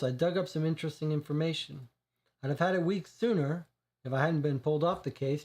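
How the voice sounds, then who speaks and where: A man's voice: fairly high pitch, darkish tone. A man reading a crime dossier aloud for a game stream, with small slips, then commenting casually.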